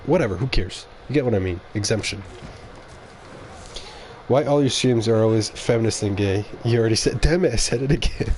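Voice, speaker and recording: A somewhat low-voiced man talks to his livestream viewers in a loose, rambling monologue. He is opinionated and keeps correcting himself mid-sentence. A faint hiss sits under the recording. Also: darkish tone. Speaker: game streamer.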